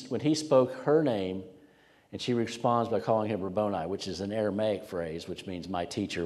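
A man preaching a sermon, earnest, swinging from loud emphasis down to near whispers. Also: lowish voice. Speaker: pastor. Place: church sanctuary. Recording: long hall reverb.

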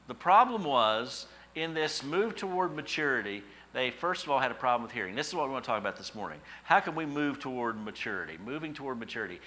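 Bright-voiced male pastor preaching. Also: medium pitch, very animated, quick pace, few pauses. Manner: conversational preaching, rising to emphatic peaks. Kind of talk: sermon.

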